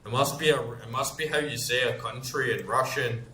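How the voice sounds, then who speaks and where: A man's voice: medium pitch, moderate pace, sharp tone, a little hiss or hum. A man in his forties, a gaming YouTuber telling a long story in a rambling, filler-heavy way with plenty of swearing. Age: 40s. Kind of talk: casual storytelling. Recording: roomy echo.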